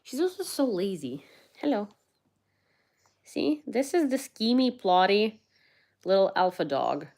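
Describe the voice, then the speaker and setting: Lively chatty woman streamer. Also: medium pitch, a little slow, creaky, long pauses. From Ukraine. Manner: chatty, coos and baby-talks to her dog. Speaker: livestream host. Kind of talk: casual livestream chat.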